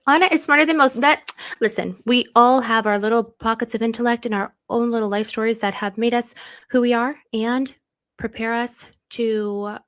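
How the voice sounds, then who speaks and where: A woman hosting a live stream, chatting casually and reading viewer comments in a bubbly, effusive way, laughing often and rambling with many restarts. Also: fairly high pitch.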